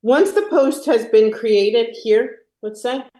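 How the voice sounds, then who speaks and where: A woman's voice: fairly high pitch, slow pace, warm tone. Woman hosting an online q&a, chatty, says things twice, roomy echo on the call. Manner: chatty, repeats points for emphasis. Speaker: host. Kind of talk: casual webinar Q&A.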